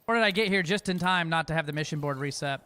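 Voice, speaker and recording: A man's voice: fairly high pitch, quick pace, sharp tone. A man streaming a space game, chatting casually and joking with his audience. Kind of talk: casual gaming stream chat.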